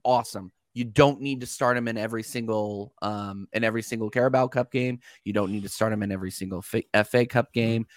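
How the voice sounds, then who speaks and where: Guy on a call, dry audio, kinda measured footy take, lots of um. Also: fairly low pitch, fairly even intonation, dry recording. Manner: measured, hesitant with ums and restarts. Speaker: football panel guest. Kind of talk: casual football chat.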